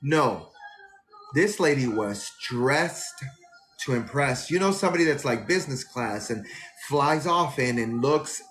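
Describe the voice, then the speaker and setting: Animated rambling man telling a story. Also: medium pitch, measured pace. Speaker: flight attendant. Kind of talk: casual storytelling on a live stream.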